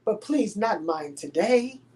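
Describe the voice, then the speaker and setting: Speaking slowly with lively intonation, this middle-aged Houston, Texas, guest recounts a personal story with real emotion. Her voice is medium-pitched, dark, and slightly rough, and she dramatizes the telling by acting out quotes and pleas with wide swings.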